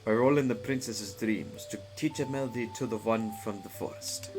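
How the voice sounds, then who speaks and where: A man voicing a huge, stern female warrior guardian from a video game, reading her lines in a low, hushed, solemn way with a slight put-on Russian accent. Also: fairly quick, music in the background, close to an everyday voice. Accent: slight put-on Russian tint. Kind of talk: reading game dialogue aloud.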